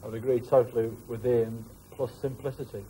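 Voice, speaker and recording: Direct ex-player, even, mellow delivery, faint hiss. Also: male voice, mid-range voice, a little fast, poor audio. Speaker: former footballer guest. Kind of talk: interview answer.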